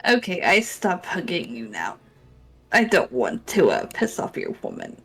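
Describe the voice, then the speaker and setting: A woman's voice: low-pitched, huge pitch swings, a little slow, gravelly, a bit bright, slightly rough, faint music behind, pitched below the performer's own voice, heavily acted. Woman doing a tipsy valley-girl type.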